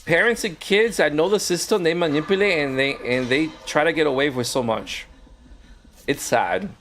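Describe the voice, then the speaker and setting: Animated male streamer telling stories. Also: a little high, moderate pace. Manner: animated, acts out quoted voices. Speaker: streamer and former teacher. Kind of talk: casual storytelling while gaming.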